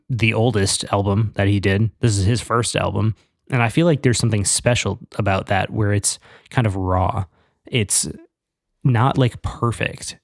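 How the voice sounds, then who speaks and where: Low gravelly guy rambling on a podcast, dry close mic. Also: no echo. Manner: enthusiastic, rambling with fillers. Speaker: podcast co-host. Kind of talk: casual chat.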